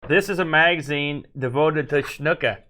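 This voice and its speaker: A man's voice: on the high side, normal speed, pushed and bright. A man co-hosting a retro gaming podcast, joking and enthusiastic as he unboxes mail. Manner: joking, enthusiastic, laughs often. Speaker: podcast co-host. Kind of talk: casual banter.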